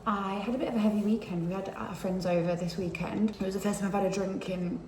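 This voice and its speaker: A woman's voice: medium pitch, steady tone, quick pace. Woman, thirties, diary vlogger, chatty and emotional, faint hiss on the track. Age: 30s. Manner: chatty, emotional, drops to a hushed near-whisper at times. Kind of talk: casual diary vlog. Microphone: handheld camera.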